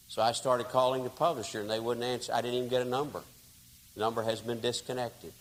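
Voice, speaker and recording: A man from Texas preaching a storytelling sermon in a folksy, conversational way, dropping soft and then rising loud. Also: medium pitch, steady tone, fast talker. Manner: folksy, conversational, dramatic shifts in loudness. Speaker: pastor. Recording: reverberant hall, faint hiss.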